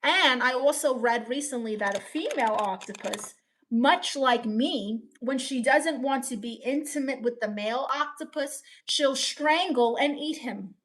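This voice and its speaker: A woman's voice: high-pitched, a little slow, a bit bright. A woman in a casual live stream, playfully reading viewer comments aloud and riffing on them.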